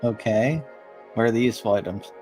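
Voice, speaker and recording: A man playing a tabletop game on a stream, unhurried and hesitant, with many fillers. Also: fairly low pitch, warm tone, soft background music. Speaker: player.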